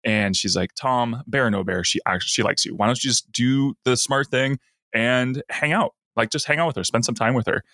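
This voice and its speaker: A man's voice: medium pitch, steady tone, normal speed, bright, forceful tone, dry recording, studio quality. A man co-hosting a podcast, casually recapping an episode and acting out lines in a raised voice. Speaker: podcast co-host.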